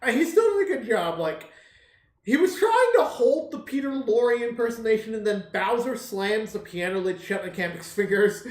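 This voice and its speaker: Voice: mid-range voice, big pitch swings, normal speed. A stream co-host chatting casually about a movie, rambling with many fillers. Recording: echoey room.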